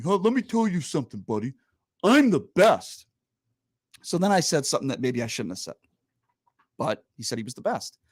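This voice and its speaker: Animated male radio host telling stories. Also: a little high, dry recording. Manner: animated storyteller, quotes people in raised voices. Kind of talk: casual studio chat, storytelling. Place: radio studio.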